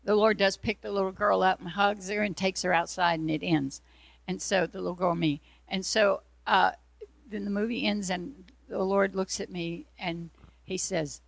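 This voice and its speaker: A woman's voice: medium pitch, fairly even intonation, moderate pace, creaky, no echo. A woman telling an emotional personal testimony in an earnest way, acting out the dialogue as she goes.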